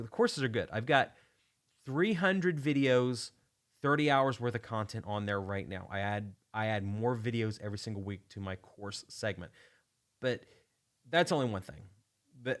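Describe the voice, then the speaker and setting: Rambling, enthusiastic man. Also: mid-range voice. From United States. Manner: rambling, enthusiastic, many restarts. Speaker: channel host. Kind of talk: casual livestream chat.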